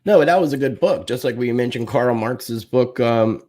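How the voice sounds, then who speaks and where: A man in casual conversation, reflective and quick to laugh, thinking aloud as he talks. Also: mid-range voice, a little mellow. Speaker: podcast guest. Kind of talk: casual chat.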